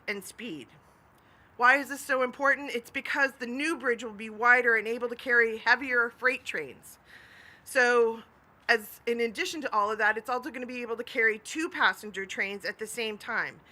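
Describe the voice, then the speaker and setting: Brief: woman official, fairly high bright voice, upbeat podium remarks. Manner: upbeat, laughs between remarks. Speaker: transportation commissioner. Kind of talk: prepared remarks at a press event.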